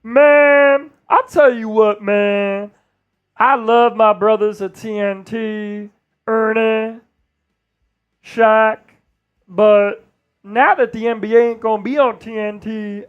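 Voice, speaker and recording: A man's voice: sits high, fairly even intonation, slow, smooth, dull audio. A man doing a brash, drawling ex-ball-player pundit. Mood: boastful. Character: impression of a famous retired basketball star turned TV analyst, man, 60s, brash.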